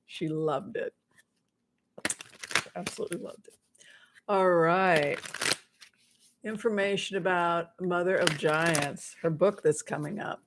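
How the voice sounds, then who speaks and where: A woman's voice: lowish voice, normal speed, pauses often, a bit bright, a little hiss or hum. Bubbly chatty woman reading tarot. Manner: chatty, bubbly, playful asides. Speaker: tarot reader. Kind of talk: live-stream tarot readings for viewers.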